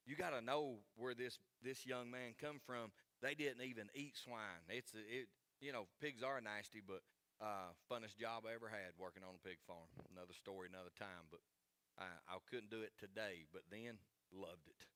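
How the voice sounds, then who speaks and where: A man's voice: fairly low pitch, fairly even intonation, normal speed, bright, forceful tone, dry recording. A man, preaching a sermon in an earnest, folksy way and repeating key phrases for emphasis. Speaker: pastor.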